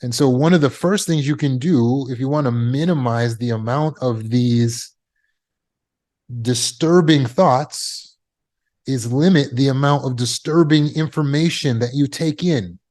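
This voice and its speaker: A man's voice: mid-range voice, slow pace, darkish tone. A man teaching trauma recovery as a coach, speaking emphatically and repeating phrases for effect. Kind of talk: motivational teaching talk.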